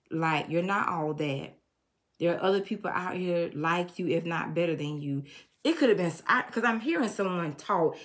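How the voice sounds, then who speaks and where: A woman giving an emotional tarot reading to her viewers. She speaks in a preachy way and breaks into snatches of songs. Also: on the low side. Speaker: tarot reader.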